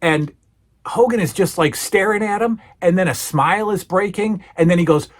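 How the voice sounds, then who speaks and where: An enthusiastic male podcast host gives a casual review, often stumbling over and restarting his words. His voice sits a bit high for a man and has a husky grain. He sounds eager throughout. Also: moderate pace.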